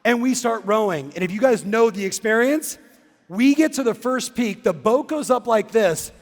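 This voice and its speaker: A man giving an animated keynote talk in a big conference hall, acting out a story and breaking into shouts. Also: very high voice, moderate pace. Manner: excitable, acts out the scene and shouts. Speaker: real estate coach and keynote speaker. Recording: long reverb in a big hall.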